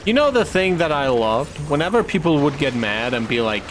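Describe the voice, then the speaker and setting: A man's voice: on the high side, big pitch swings, a little fast, a little hiss or hum. A male streamer chatting casually while he plays, rambling and swearing through his stories. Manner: rambling, profane storytelling. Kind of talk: casual chat while gaming.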